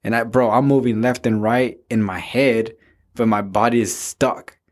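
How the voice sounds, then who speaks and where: A man's voice: medium pitch, steady tone, moderate pace, darkish tone. Rambling young man telling a story. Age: young adult. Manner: rambling, peppered with "bro". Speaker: podcast co-host. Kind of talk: casual storytelling among friends.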